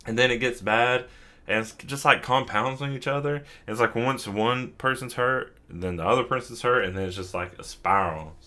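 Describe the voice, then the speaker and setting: A man's voice: mid-range voice, moderate pace, bright, forceful tone. A drunk young man hosting a casual anime recap, rambling with lots of fillers, swearing and chuckling. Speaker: host.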